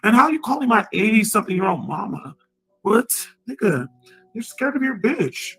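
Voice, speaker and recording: Husky woman going off on a rambling rant, cursing and taunting over and over. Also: mid-range voice, big pitch swings, moderate pace, a bit bright, rough recording. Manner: profane, rambling, repetitive taunting. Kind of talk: angry rant.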